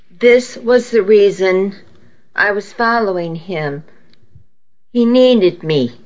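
Slow, intimate woman narrator. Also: mid-range voice, muffled recording. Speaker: audiobook narrator. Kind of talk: first-person novel narration.

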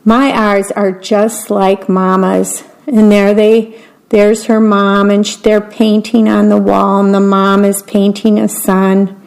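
A woman's voice: medium pitch, little pitch movement, a little mellow, rough recording. A woman reading children's picture books aloud, patiently describing each picture as she goes. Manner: slow, plain and patient, pointing out the pictures. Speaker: story reader.

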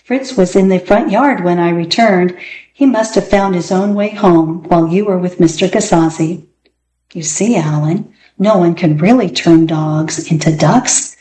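A woman voicing a kindly older lady who reassures a boy in a gentle tone, in an echoey room. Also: lowish voice, a little slow, a little hiss or hum, lightly acted. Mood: reassuring. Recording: echoey room, faint ambience.

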